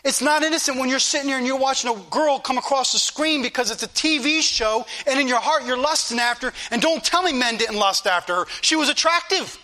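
A man's voice: very high-pitched, fairly quick, few pauses, sharp tone. A middle-aged man preaching a fervent sermon in a church, his delivery rising and falling with passion.

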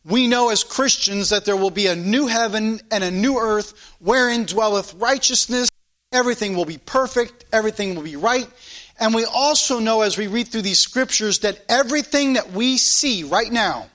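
A man preaching a sermon, reading scripture slowly and with emphasis, then talking fervently in a conversational way. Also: high voice, fairly bright tone.

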